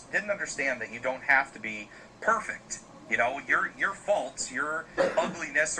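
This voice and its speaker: Rambling man telling a dark tale. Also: medium pitch, background noise. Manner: loose, rambling, frequent fillers. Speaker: podcast host telling a story. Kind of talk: casual spoken storytelling.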